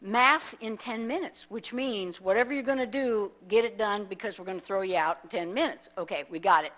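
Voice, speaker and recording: A woman's voice: medium pitch, a little fast, fairly bright tone. A woman minister from the United States telling a story in a sermon, acting out the people in it as she goes. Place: church sanctuary.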